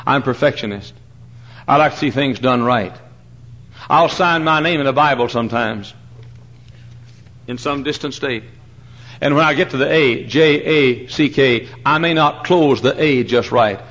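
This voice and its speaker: A man preaching a sermon from the pulpit of a large church. He hammers the congregation with repeated questions and swings from hushed asides to loud preaching. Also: mid-range voice. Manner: emphatic, presses the crowd with repeated questions. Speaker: pastor.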